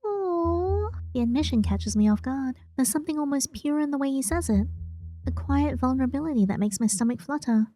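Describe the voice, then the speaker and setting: Brief: woman narrating a story game, fairly high, mellow voice, faint music under. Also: fast, rough recording. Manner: expressive, reacts aloud to the story. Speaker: player reading a story game aloud. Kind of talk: first-person story narration with asides.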